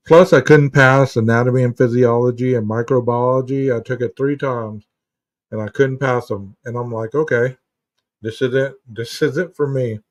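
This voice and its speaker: A man with a medium-pitched voice hosts a relaxed live stream as a therapist, spinning stories and responding to chat. His talk rambles, full of false starts and "you know." The sound is dry, dull and muffled, since the mic sits far away.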